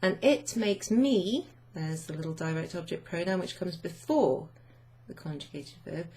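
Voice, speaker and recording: A woman language teacher explaining grammar to her students in an unhurried way, thinking aloud with many fillers. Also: on the low side, a little mellow, slightly rough.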